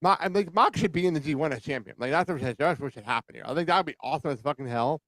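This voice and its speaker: High-voiced excitable man ranting. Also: very fast, no echo. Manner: excitable, ranting, laughs often, swears. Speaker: podcast co-host. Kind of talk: casual wrestling chat.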